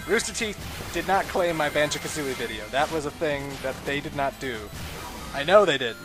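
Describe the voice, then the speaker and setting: A man's voice: fairly high pitch, moderate pace, music in the background. A man giving casual, chatty gameplay commentary as a let's play host, with frequent asides to viewers.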